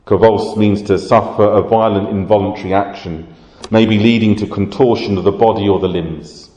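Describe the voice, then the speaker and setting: Low-voiced man preaching in echoey hall. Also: fairly even intonation, mellow. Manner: measured, explanatory, reads scripture aloud. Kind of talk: sermon. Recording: roomy hall reverb.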